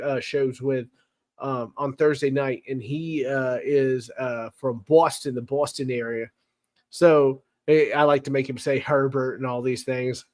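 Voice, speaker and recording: Wry chatty male stream host. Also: medium pitch. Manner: chatty and wry, reading chat comments aloud with teasing sarcasm. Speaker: sports show host. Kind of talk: casual live-stream football recap.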